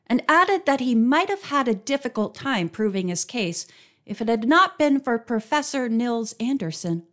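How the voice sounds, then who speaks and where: A woman reading a mystery novel aloud as an audiobook narrator, with steady, clear storytelling. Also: fairly high pitch. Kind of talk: scripted narration.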